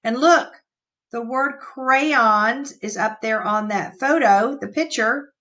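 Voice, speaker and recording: A woman's voice: fairly high pitch, slow, fairly bright tone. A woman teacher reading a picture book aloud to young children, patiently explaining the words and counting the numbers out.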